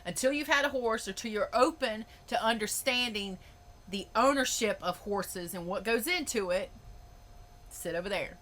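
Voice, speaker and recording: A woman's voice: mid-range voice, normal speed, fairly bright tone. A woman hosting a podcast, ranting in a blunt, emphatic way and swearing freely. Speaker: podcast host. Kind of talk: opinionated podcast monologue.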